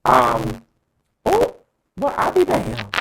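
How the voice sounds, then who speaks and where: A man's voice: high voice, huge pitch swings, extremely slow, fairly bright tone, poor audio. A man co-hosting a casual talk show, giving a dramatic, emphatic, profane opinion and calling co-hosts by name. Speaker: co-host.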